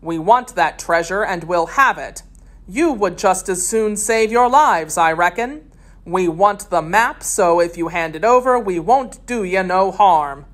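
A woman's voice: fairly low pitch, lively intonation, unhurried. A woman reading aloud voices a scheming, blustering one-legged pirate captain who coaxes and threatens. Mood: wheedling.

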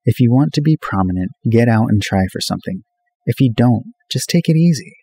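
A man's voice: lowish voice, lively intonation, normal speed, creaky, mellow, slightly rough, exaggerated voice. A man voicing an easygoing young male college student, wry and a bit impatient, in a raised voice.

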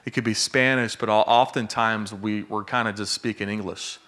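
A man's voice: lowish voice, normal speed. A man preaching a sermon in a casual, conversational way, telling a story and often asking "okay?" and "you know?" along the way. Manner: casual and conversational, with many fillers and tag questions; gets excited and laughs while joking.

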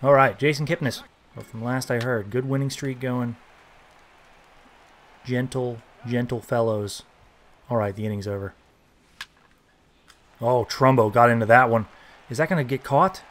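A young man giving casual, joking commentary while playing a baseball video game, reacting loudly to big plays. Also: medium pitch, unhurried, pauses often, a little hiss or hum. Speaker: gaming YouTuber.

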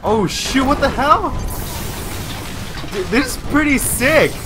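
A young man hosting a gaming channel, giving excitable live commentary with yelps and repeated cries of no. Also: very high-pitched, takes it slowly, over music.

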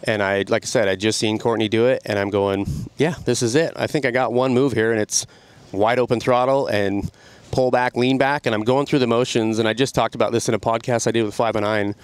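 A middle-aged man, a podcast guest, telling an animated story about riding. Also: fairly low pitch, fairly quick, hardly any pauses, clean tone, dry recording. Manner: animated, excited storytelling with laughs. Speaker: podcast guest, snowmobile rider. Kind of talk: casual storytelling.

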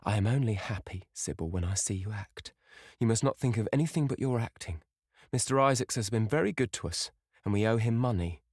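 A man's voice: on the low side, a little fast, a little mellow, slightly rough, no echo, studio quality, pitched above the performer's own voice. A man reading an audiobook, voicing a tired middle-aged mother who anxiously presses money worries on her daughter.

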